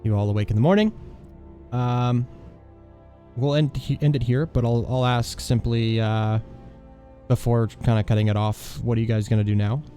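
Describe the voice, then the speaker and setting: A man's voice: mid-range voice, fairly even intonation, moderate pace, mellow, faint music behind. A man narrating as game master of a tabletop game, talking loosely with lots of filler words and restarts.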